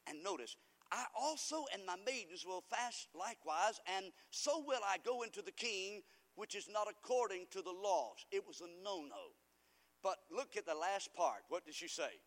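A man preaching a sermon in a church, fervent, swinging from quiet asides to loud cries. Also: sits high, lively intonation, moderate pace. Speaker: pastor. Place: church sanctuary. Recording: long hall reverb.

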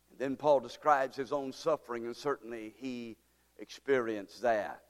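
A male pastor preaching a sermon, reading scripture slowly and with emphasis, calling on the congregation to respond, then praying. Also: medium pitch, steady tone. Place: church sanctuary. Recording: reverberant hall.

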